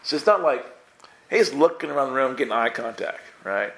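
A man teaching the Bible in a loose, conversational way, with a voice of ordinary middle pitch for a man. He keeps it playful and slips into little character voices as he retells the scenes. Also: expressive, a little fast, gravelly, a bit bright.

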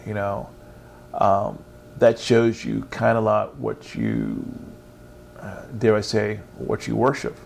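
A man's voice: lowish voice, lively intonation, slow, creaky, darkish tone, a little hiss or hum. A man giving an informal online faith lesson in an earnest, meandering, encouraging way. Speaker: Christian teacher.

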